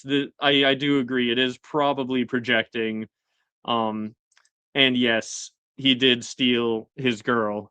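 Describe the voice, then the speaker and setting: A man casually recapping a TV episode for his show, chatty with lots of fillers and quick paraphrased quotes. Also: mid-range voice, a bit bright, clean tone, no room sound. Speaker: show host.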